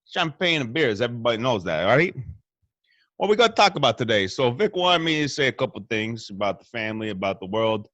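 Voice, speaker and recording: A man's voice: medium pitch, big pitch swings, brisk, a bit bright, no room sound, lo-fi sound. A man guest-hosting a show with a crude, rambling and boastful comic monologue from a hotel room. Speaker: stand-in host.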